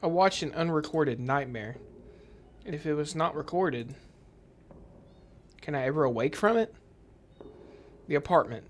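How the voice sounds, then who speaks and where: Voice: mid-range voice, expressive, unhurried, long pauses, slight background noise. Uneasy player voicing a horror game. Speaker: gameplay commentator. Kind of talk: reading game dialogue aloud while playing.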